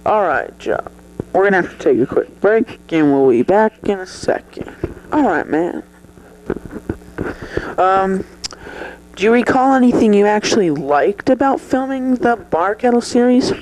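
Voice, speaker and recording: A stiff, scolding male talk-show interviewer, put on by a performer in a comedy sketch. He speaks in a lowered voice and lets his slow questions drag on. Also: animated, a little mellow, lightly acted, rough recording.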